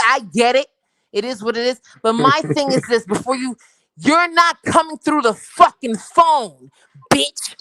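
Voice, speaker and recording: Brash young New York woman, crude rambling talker, higher voice, dry close sound. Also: a bit bright, no room sound, low-quality recording. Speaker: livestream guest. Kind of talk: casual livestream chat.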